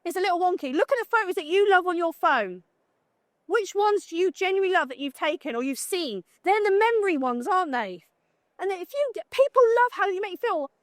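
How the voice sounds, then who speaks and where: A blunt, high-voiced British woman, a photographer, gives a live talk in a conference room at a trade show. She speaks briskly with big pitch swings, jokes and chats, and asks the audience questions. The recording is dry and studio quality.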